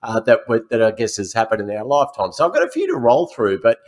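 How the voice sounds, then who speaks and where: A man's voice: mid-range voice, huge pitch swings, fast talker, a little mellow. A man co-hosting a casual film podcast, presenting his segment in a loose, jokey, swearing way. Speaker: podcast co-host.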